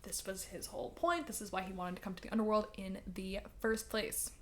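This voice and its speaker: A woman's voice: mid-range voice, steady tone, fairly quick, slight background noise. A woman vlogger casually recapping a story, chatty and full of "like" fillers. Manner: chatty, filler-heavy with frequent "like".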